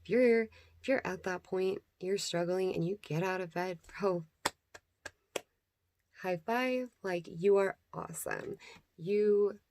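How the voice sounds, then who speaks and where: A woman's voice: medium pitch, slow, pauses often, a little mellow, a little hiss or hum. A young woman hosting a casual self-care vlog, rambling and chatty, laughing often and sometimes dropping into whispers. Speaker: vlogger host.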